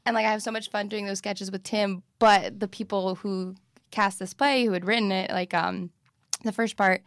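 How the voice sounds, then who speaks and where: A woman's voice: medium pitch, fairly even intonation, normal speed, no echo, studio quality. A woman comedian and actress as a podcast guest, chatting animatedly and swearing freely, with many "like" fillers. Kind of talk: casual chat.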